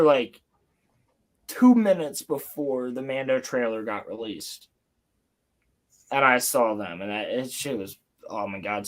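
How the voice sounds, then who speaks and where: A young man hosting a livestream from home, telling a story in an excited, rambling way with casual swearing. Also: medium pitch. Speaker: livestream host. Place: home, building Lego on stream.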